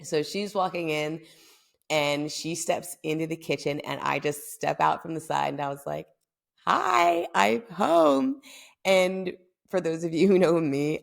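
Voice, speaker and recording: A young woman from the United States tells a story on her podcast in a chatty, animated way. Her voice sits low and has plenty of gravelly vocal fry. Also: unhurried. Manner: chatty, animated, lots of fillers. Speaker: podcast host. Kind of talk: casual storytelling.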